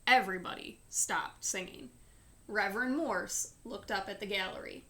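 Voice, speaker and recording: A woman reading a children's chapter book aloud in a slow, clear storytelling manner. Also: mid-range voice, fairly bright tone.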